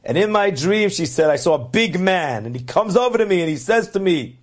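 A man's voice: high voice, animated, brisk, few pauses. A man telling religious stories earnestly, stretching words for emphasis. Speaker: religious storyteller. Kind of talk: religious storytelling.

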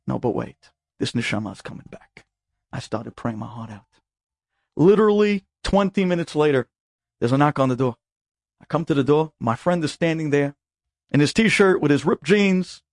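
A man, a rabbi, tells a personal story for a podcast in an animated, emphatic way, acting out the dialogue. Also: a little high, fairly quick, no echo.

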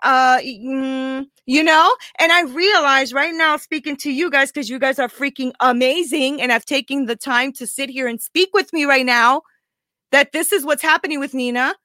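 High, bright, emotional woman coach. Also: normal speed, no echo. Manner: raw, confessional, keeps asking "right?". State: close to tears. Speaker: life coach. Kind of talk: emotional live talk to viewers.

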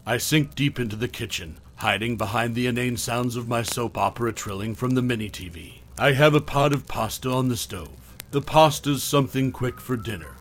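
A man narrating a first-person horror story in a steady storytelling manner. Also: mid-range voice, normal speed, few pauses, a little hiss or hum.

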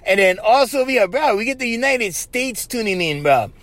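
A man with a Hawaiian Pidgin accent rambles through stories on his own podcast, laughing often and saying bro at every turn. His voice sits high and swings all over the place. The sound is dry and close, with no room around it. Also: moderate pace, no room sound. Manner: animated, laughs often, says bro constantly. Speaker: podcast host. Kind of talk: casual storytelling monologue.

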